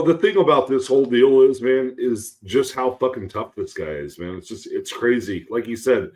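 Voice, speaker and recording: A tired man co-hosting a podcast, rambling in casual chat with lots of fillers and some swearing. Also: lowish voice. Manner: rambling, many ums and you-knows, swearing. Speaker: podcast co-host.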